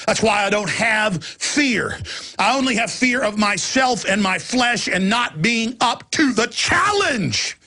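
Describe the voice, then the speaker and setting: Older male host, fiery shouted monologue; bright, raspy, husky tone, preachy and relentless. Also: high voice, animated. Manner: shouting, furious and preachy, rapid lists. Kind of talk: ranting monologue.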